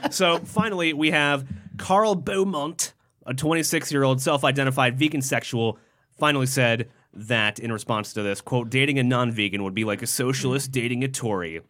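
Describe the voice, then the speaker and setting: A man's voice: medium pitch, normal speed, fairly bright tone. A young man co-hosting a casual podcast, reading news quotes aloud with jokey asides and plenty of swearing. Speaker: podcast co-host.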